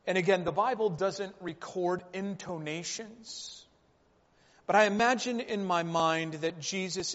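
A man's voice: sits high, measured pace, a bit bright. A man preaching a sermon, working through rhetorical questions and repeated phrases. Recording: reverberant hall, dull lo-fi sound.

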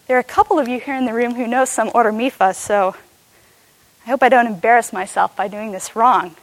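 A woman giving an animated class talk to a live audience, often asking them questions. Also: fairly high pitch, brisk, no room sound. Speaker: speaker teaching cross-cultural ministry.

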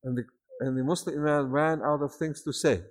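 A man with a foreign accent preaching a sermon, telling stories with energy and rising to shouts at the peaks. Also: a little high, normal speed. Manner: animated storytelling, shouting at peaks.

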